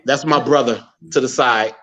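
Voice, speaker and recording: A middle-aged man from Gary, Indiana, telling an emotional personal story as a guest, animated, with many restarts. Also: mid-range voice, moderate pace, highs cut off. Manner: animated, quotes relatives in a raised voice, many restarts.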